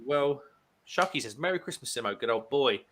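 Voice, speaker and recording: Bright joking man hosting. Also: medium pitch, lively intonation, brisk. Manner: reads out chat comments, joking. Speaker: livestream host. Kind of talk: casual banter.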